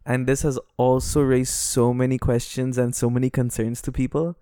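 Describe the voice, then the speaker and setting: Man with a smooth, dry voice. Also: mid-range voice, flat delivery, normal speed, dark tone, no room sound. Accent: international Western English. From Dubai. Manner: dry joking, addresses listeners as guys. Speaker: podcast co-host. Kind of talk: casual chat.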